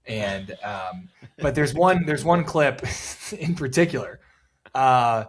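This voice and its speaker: A young man with a mid-pitched voice, co-hosting a podcast. He talks in a rambling, deadpan way, full of filler words, and delivers jokes straight. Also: slow. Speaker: podcast co-host. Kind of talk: casual chat.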